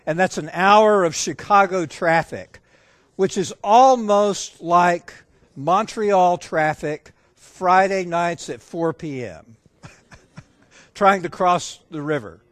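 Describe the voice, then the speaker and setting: A man with a high, slightly bright voice preaches slowly in a dry recording. He engages his audience by asking them questions and acting out the dialogue of a family story.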